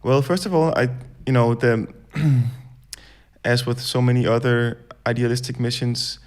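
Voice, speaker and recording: A young man appears as a guest on a casual podcast, telling his stories in a relaxed manner and swearing offhandedly. His voice is medium-pitched and he speaks a little slowly.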